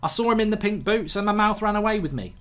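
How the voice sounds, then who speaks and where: Ranting football fan with a bright voice. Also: male voice, high-pitched, animated, quick pace. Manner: ranting, exasperated, swears a lot. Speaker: football fan channel host. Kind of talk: live match reaction commentary.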